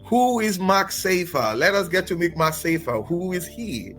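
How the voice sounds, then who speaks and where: A man's voice: high-pitched, sing-song, a little slow, a bit bright, faint music behind. A man from Nigeria hosting a podcast, chatty, often repeating and restarting his words. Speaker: podcast host. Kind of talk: casual interview podcast.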